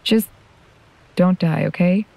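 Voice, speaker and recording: A woman reading a story, voicing a frightened, clingy young boy with slow, pleading lines. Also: fairly low pitch, gravelly, mellow, dry recording, pitched above the performer's own voice. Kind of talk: audiobook reading.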